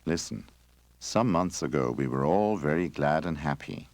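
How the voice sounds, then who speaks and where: A man doing a hushed, mournful old tree. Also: extremely low pitch, expressive, moderate pace, no echo. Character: ancient forest tree, sorrowful and hushed.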